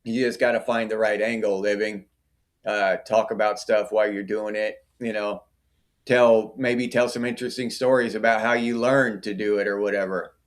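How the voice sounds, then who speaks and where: A man's voice: fairly low pitch, flat delivery, moderate pace. A middle-aged man hosting a casual livestream, chatting and answering viewer comments by name. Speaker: livestream host.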